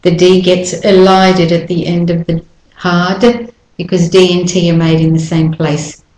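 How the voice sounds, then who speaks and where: A woman with a lowish voice teaches English pronunciation at an unhurried, careful pace. She says each phrase several times, stressing how the sounds link together. The room adds a noticeable echo. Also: level tone, a little mellow. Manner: repeats each phrase slowly, stressing linking. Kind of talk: slow, deliberate lesson with modeled phrases. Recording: roomy echo.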